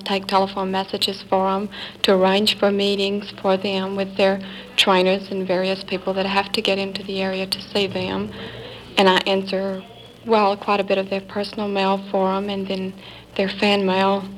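Southern-accented woman, interviewee, steady even voice over light tape hiss. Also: mid-range voice, moderate pace, poor audio. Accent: Southern American. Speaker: secretary to astronauts. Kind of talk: interview answers.

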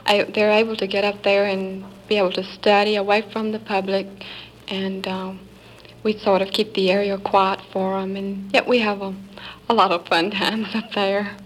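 A woman with a Southern American accent answering interview questions in a soft, unhurried way, with gentle laughs. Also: mid-range voice, monotone, slight background noise, poor audio. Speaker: secretary to astronauts.

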